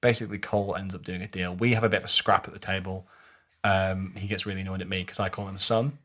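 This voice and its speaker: A man tells rambling stories in a fairly low voice, with the odd swear, as a podcast co-host. He keeps a casual, conversational pace. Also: level tone, fast talker, a bit bright.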